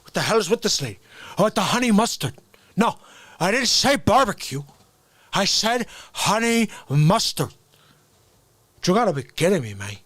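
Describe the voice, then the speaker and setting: A man's voice: high voice, sing-song, normal speed, long pauses, fairly bright tone, no echo, voice pushed up, exaggerated voice. A man doing a hot-tempered gangster. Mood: angry. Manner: indignant, blustering, confrontational. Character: hot-tempered gangster, middle-aged man, short fuse.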